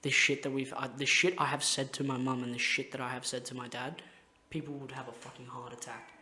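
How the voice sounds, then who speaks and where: A man's voice: medium pitch, flat delivery, brisk, sharp tone. A young man hosting a podcast, telling rambling, heartfelt stories in casual chat and swearing constantly. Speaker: podcast host.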